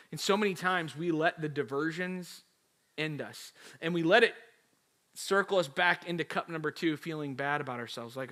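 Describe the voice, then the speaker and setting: A male pastor preaching an energetic, emphatic sermon with storytelling. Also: on the high side, fast talker.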